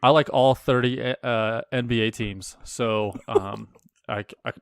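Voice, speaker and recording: Slow-talking man with a smooth voice. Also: medium pitch, fairly even intonation, dry recording, clean studio sound. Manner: halting, lots of fillers and restarts. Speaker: podcast co-host. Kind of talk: casual chat.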